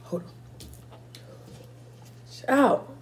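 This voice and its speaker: A woman in her twenties telling casual, profane stories while eating for a mukbang video, stopping now and then to react to spicy food. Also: extremely slow. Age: 20s. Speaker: mukbang vlogger.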